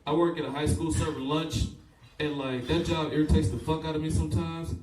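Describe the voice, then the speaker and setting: A young man from Fort Wayne works the crowd in a live stand-up set, loose and profane, laughing at his own punchlines. His voice sits a little high for a man. The sound is roomy and distant, as if picked up from across the club. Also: level tone, brisk, a little mellow, soft background music. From Fort Wayne, Indiana. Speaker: stand-up comedian. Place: comedy club stage. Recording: echoey club recorded from a distance.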